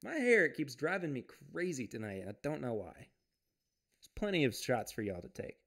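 A man's voice: medium pitch, very animated, normal speed, creaky, fairly bright tone. A man hosting a casual livestream from home. He reads viewer comments aloud, chats loosely, laughs often and restarts his sentences. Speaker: podcast host.

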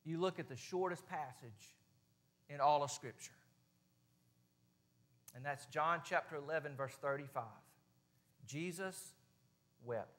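A man with a Southern US accent delivers a sermon in a church, his voice sitting high for a man. He talks in a folksy, plain-spoken way, rising to loud stretches and then dropping to a hush. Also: normal speed, pauses often. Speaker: preacher. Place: church sanctuary.

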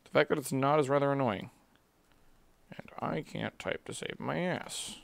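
A man's voice: mid-range voice, moderate pace, vocal fry. A man streaming live, ranting in a profane, exasperated way at his computer.

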